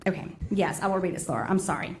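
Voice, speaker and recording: Low-voiced woman chairing a meeting. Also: fast talker, slight background noise. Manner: apologetic, reads long lists of numbers. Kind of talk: reading agenda items at a public meeting.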